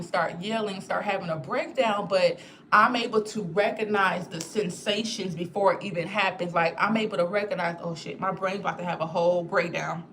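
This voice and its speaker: A young woman talking casually to her viewers, candid and lively, full of "like" and "y'all". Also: medium pitch, slight background noise. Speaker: spiritual content creator. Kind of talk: casual livestream chat.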